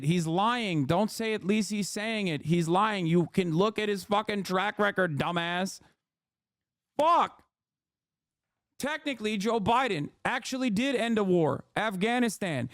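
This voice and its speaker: A man in his thirties rants at his chat in a high, fast-rising voice, swearing constantly and dripping sarcasm. The sound is dry and close, with no room around it. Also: no room sound. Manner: profane, heated, sarcastic. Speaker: streamer reacting to chat. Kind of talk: angry political rant.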